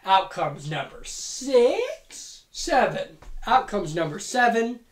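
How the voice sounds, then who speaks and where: A woman hosting a comedic monologue, telling a made-up wrestling card in a profane, excitable, rapid-fire way. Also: a little high. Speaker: host. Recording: roomy echo.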